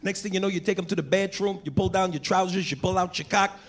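A man's voice: high-pitched, fairly even intonation, fast talker. A man performing stand-up comedy in a club, crude and profane, talking to the crowd.

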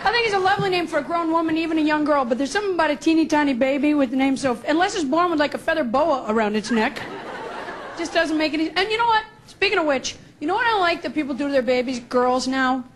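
Chatty high-voiced female stand-up comic. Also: expressive, fast talker. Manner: chatty, talks straight to the audience. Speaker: stand-up comedian. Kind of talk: stand-up routine. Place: comedy club stage with live audience. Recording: loud crowd laughter and noisy live room.

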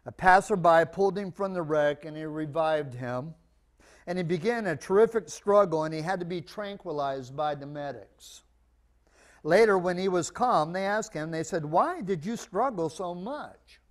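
Animated male preacher telling jokes. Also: fairly high pitch, moderate pace. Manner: animated storyteller, acts out voices in jokes. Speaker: pastor. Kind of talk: sermon with humorous stories.

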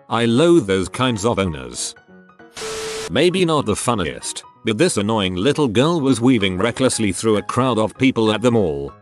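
A man narrating online stories in an even, matter-of-fact scripted reading. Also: fairly low pitch.

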